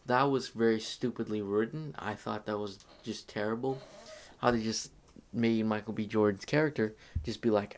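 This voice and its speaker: Young male vlogger, lowish voice, loose rambling review delivery with many fillers. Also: steady tone, moderate pace, darkish tone, slight background noise. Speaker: movie reviewer. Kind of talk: casual movie review.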